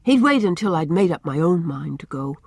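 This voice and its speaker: A woman's voice: lowish voice, very animated, fairly quick, gravelly, a little mellow, slightly rough, no echo, exaggerated voice. A woman voicing a sensitive, dreamy young boy who hates pain, earnest and pleading.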